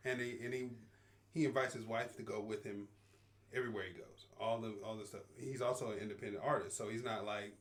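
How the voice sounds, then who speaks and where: A man's voice: lowish voice, fairly even intonation, fast talker. A man co-hosting a podcast, chatting in an easygoing, slangy way and laughing often. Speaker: podcast co-host. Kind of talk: casual chat.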